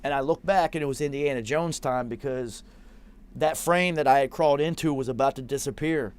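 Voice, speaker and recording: A man's voice: medium pitch, fairly quick, clean tone. A man in his forties, a podcast host, telling a long rambling story with lots of swearing and quoted asides. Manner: rambling, profane, animated anecdote with self-quoting. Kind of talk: casual storytelling.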